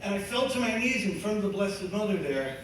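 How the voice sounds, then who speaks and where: A man giving a testimony, telling his story in a lively, conversational way, laughing often and using many fillers. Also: high voice, brisk. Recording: echoey hall from far off, faint noise.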